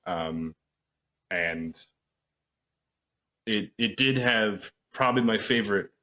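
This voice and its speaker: A man with a lowish voice chatting loosely on a podcast. He rambles through fillers and profanity and plays out little reactions as he tells things. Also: takes it slowly, sharp tone. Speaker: podcast co-host. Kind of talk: casual chat.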